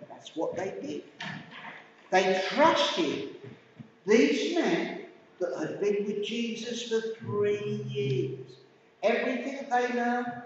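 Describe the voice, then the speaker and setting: A middle-aged man with a Hertfordshire English accent preaches to his congregation, talking with them and asking them questions in a high, lively voice at an unhurried pace. He is recorded from a distance in a community centre hall with a long, booming echo. The sound is dull, with faint room ambience behind him. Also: slight background noise. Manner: conversational, asks the congregation questions. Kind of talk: sermon.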